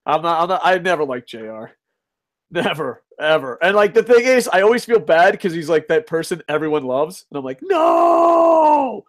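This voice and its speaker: A man's voice: on the high side, animated, a little fast. Profane ranting man on a stream. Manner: profane, ranting, laughs often. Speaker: host. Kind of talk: casual live-stream chat.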